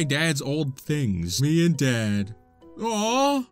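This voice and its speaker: An excitable man narrates his gameplay in a lively voice that jumps all over, yelping and cutting off curse words mid-word. His voice sits a little high, with faint game music underneath. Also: extremely slow. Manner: excitable, yelping, swearing cut short. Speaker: gaming YouTuber. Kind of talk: casual gameplay commentary.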